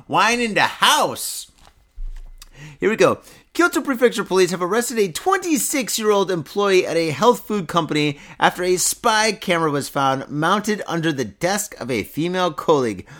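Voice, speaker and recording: A man's voice: fairly high pitch, a bit bright. A man hosting a podcast, drunk and swearing a lot, rambling about news stories and laughing at his own jokes. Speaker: podcast host. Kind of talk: casual podcast chat reading news stories.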